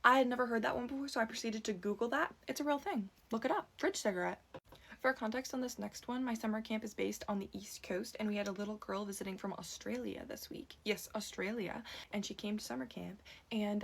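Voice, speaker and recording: Young woman with vocal fry. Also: fairly quick. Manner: animated, jumps high when quoting others; laughs between stories. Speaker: camp counselor. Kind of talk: casual storytelling vlog.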